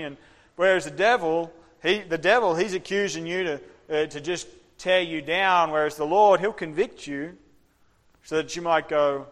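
A man preaching an interactive sermon, animated and acting out the voices of the people in his story. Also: fairly high pitch, moderate pace. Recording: long hall reverb.

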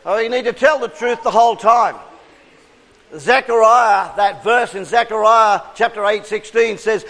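A high-voiced man preaches to a congregation, firing questions at the crowd and drawing shouted answers back. His voice rings out with a long, lingering reverb from the hall around him. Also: a little slow. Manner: lively, coaxing the crowd with questions and call-and-response. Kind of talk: interactive sermon to a congregation.

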